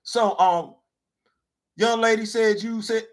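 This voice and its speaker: Animated guy hosting his show, bright tense voice, swings all over from mutters to yelling. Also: moderate pace. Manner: animated, swings from low mutters to loud outbursts; repeats phrases for emphasis. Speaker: podcast host. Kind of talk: comedic storytelling monologue.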